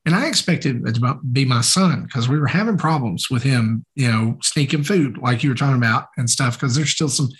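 A man's voice: medium pitch, brisk, hardly any pauses. A man co-hosting a podcast, telling a story in casual chat, full of fillers, acting out what people said. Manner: animated, acts out quoted dialogue, many fillers. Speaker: podcast co-host.

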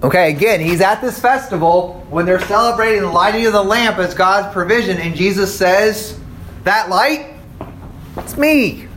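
A man's voice: sits high, normal speed, few pauses, fairly bright tone, slight background noise. A man teaching a Bible class in a casual lecture style, conversational and often checking in with his listeners. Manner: conversational, checks in with "okay?" and "right?".

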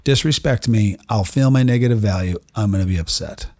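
A man's voice: on the low side, a little fast, darkish tone, no echo, clean studio sound. A man, a doctor, hosting his own podcast and talking earnestly and reflectively to the listener about emotions. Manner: earnest, self-reflective, addresses listener directly. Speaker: podcast host, doctor treating patients. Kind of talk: solo motivational podcast monologue.

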